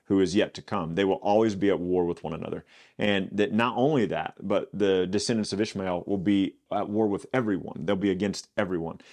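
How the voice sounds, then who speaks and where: A man hosting a Bible study podcast, reading scripture aloud and explaining it in a relaxed, conversational way with joking asides. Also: lowish voice. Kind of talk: casual Bible teaching.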